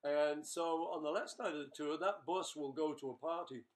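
A man's voice: fairly high pitch, moderate pace. Chatty older Englishman, upbeat fillers. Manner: chatty, jokey, rambling with fillers. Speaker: rock musician answering fan questions. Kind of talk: casual webchat with bandmates.

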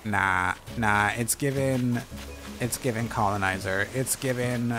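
A man's voice: mid-range voice, measured pace. A man giving playful, chatty commentary while streaming a game, talking back to the characters on screen. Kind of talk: casual gameplay commentary. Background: game music.

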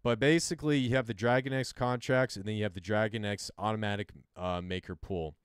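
A man's voice: fairly low pitch, fairly even intonation, a little fast, clear, resonant tone, no room sound, clean studio sound. A man hosting a livestream, casually explaining a chart he sketches as he goes, loose and chatty with some self-mocking asides. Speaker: crypto livestream host. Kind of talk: casual explainer while drawing on a screen.

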